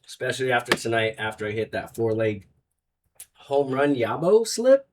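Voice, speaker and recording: A man's voice: mid-range voice, big pitch swings, normal speed, recorded from a distance, noisy background. Hyped man hosting a betting show. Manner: hyped, rambling, jokey. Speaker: sports betting show host. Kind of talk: casual betting picks talk.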